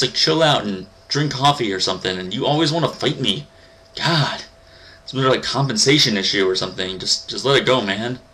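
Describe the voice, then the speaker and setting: A man's voice: lowish voice, vocal fry, fairly bright tone, low-quality recording. A man casually commentating his playthrough of a retro game, rambling and sarcastic, talking back to the game characters. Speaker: gaming channel host. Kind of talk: casual let's-play commentary.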